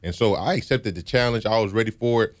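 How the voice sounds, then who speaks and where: A man's voice: fairly low pitch, quick pace. A young man from Louisiana, a former football player, telling his story in a reflective, earnest way in an interview. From Baton Rouge, Louisiana. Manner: reflective, earnest, with frequent "you know"s.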